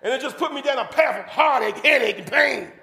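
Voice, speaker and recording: A man preaches with a very high, bright, ringing voice, rising into fervent shouted bursts and drawing amens from his congregation. His sermon carries a long reverb that trails through a church hall. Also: brisk, gravelly.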